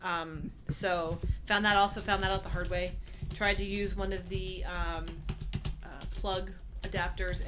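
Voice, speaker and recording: A woman from the United States co-hosting a casual livestream chat, telling stories in a chatty, animated way and laughing often. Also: fairly low pitch, measured pace, background noise. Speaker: co-host.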